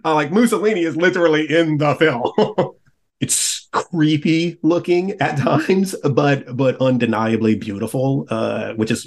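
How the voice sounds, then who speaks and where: A man with a somewhat high-pitched voice, chatting casually as a podcast guest. He sounds eager and excitable, laughing often between his thoughts. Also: a little slow. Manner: enthusiastic, laughs often while talking. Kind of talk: casual roundtable chat.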